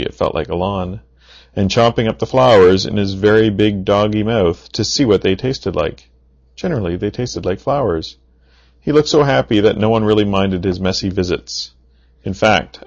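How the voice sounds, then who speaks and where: A low, gravelly male voice reads a children's story aloud. He slips in playful deadpan asides. The recording sounds dull and lo-fi.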